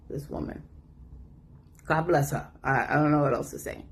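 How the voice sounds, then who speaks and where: A woman telling a personal story in a casual, animated way, acting out the voices of the people in it. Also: low-pitched, normal speed, pauses often, husky. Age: adult. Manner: animated, acts out quoted voices.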